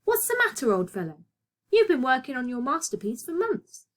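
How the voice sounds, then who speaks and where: A woman's voice: high-pitched, big pitch swings, normal speed, pitched above the performer's own voice. A woman voicing a cheerful, optimistic young male writer in a storybook read-aloud, sounding reassuring.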